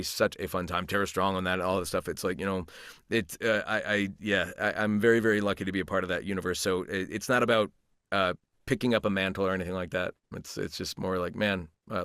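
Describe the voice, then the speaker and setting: Voice actor guest, man, fifties, low voice, dry close sound, humble and meandering. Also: fast, fairly bright tone, no echo. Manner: rambling, many restarts, humble and reflective. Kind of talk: casual interview chat.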